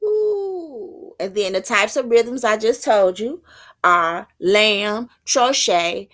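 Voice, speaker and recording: A woman teaching as a self-styled prophetess, thinking aloud in a halting way and stopping to read passages out. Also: medium pitch, expressive, fairly bright tone. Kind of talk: slow spoken teaching.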